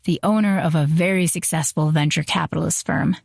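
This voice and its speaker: Audiobook: narrator playing a cultured, dryly teasing boss, lowish gravelly tone, close dry mic. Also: female voice, fairly even intonation, brisk, a little mellow, no echo. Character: suave confident wealthy man, teasing boss.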